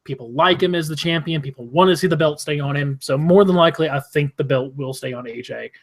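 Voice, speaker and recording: A man with a fairly high voice, co-hosting a wrestling podcast. He talks bluntly and swears often as he gives his predictions in a loose, casual way. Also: fast. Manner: blunt and opinionated, swears freely. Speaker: podcast co-host.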